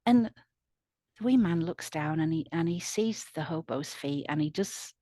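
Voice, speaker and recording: A woman storyteller narrating a folk tale in a slow, soothing, lilting way. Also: sits low, lively intonation, mellow, dry recording. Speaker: storyteller at a community event. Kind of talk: oral storytelling.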